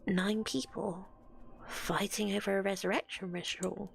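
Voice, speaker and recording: A woman's voice: mid-range voice, fairly even intonation, vocal fry. Woman reading a curious young investigator. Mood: puzzled. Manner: slow, questioning delivery. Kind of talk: reading game dialogue aloud.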